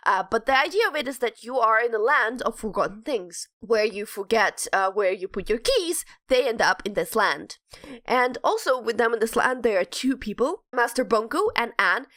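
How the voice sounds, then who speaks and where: A woman's voice: on the high side, expressive, normal speed, a bit bright. A woman co-hosting a podcast, chatting casually and ranting, rambling with many restarts. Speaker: podcast co-host. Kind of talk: casual chat.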